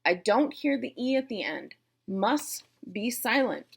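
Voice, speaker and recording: With big pitch swings in a voice on the high side, this Boston-accented teacher unhurriedly explains syllable types step by step. There's vocal fry and slight roughness in her tone, and she plays around with her viewers, addressing them directly.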